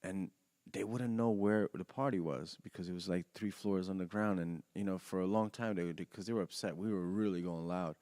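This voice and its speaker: A man's voice: low-pitched, fairly even intonation, fairly quick, few pauses, darkish tone, dry recording. Rambling storyteller man, dry studio sound. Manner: rambling, restarts often, laughs through his telling. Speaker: podcast guest. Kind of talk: animated storytelling. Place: podcast studio.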